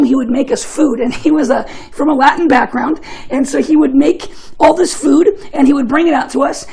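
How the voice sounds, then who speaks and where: A man's voice: extremely high pitch, vocal fry, darkish tone, poor audio. A young man giving a casual, joking sermon, telling chatty stories and often laughing. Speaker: preacher.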